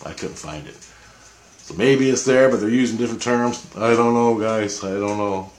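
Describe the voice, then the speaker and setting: A man's voice: lowish voice, moderate pace, slight background noise. A man vlogging a rambling, profane account of a dream, repeating himself and circling back. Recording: echoey room.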